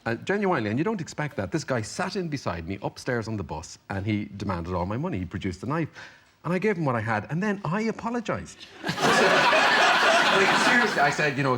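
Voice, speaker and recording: A man's voice: a little high, big pitch swings, moderate pace, heavy background noise. An Irish man, a comedian guest on a chat show, telling rambling self-deprecating anecdotes full of "you know" and "like". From Ireland.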